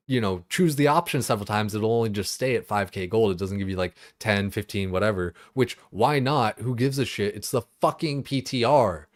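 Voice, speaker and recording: This young man streams games and rants casually, loosely and exasperatedly, with heavy swearing and fillers throughout. He speaks at medium pitch, and the studio-quality audio carries no room sound.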